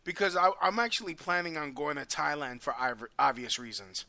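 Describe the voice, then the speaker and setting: Man, show host, high-ish bright voice, crude quick jokes, casual chat. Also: animated, creaky, dry recording. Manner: crude, rapid-fire joking, laughs a lot.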